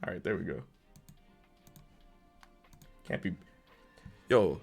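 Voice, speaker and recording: A man chatting excitedly and rambling about games on a live stream. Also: very high-pitched, normal speed, long pauses, soft background music. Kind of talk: casual chat on a live stream.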